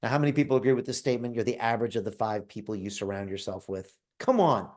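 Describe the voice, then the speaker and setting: A man's voice: lowish voice, fast, darkish tone. Guy hyping his investment club on a live call, punchy, keeps going "right?", calls people out by name. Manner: emphatic, keeps asking the audience "right?". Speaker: host pitching an investment club. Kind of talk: motivational sales pitch on a live call.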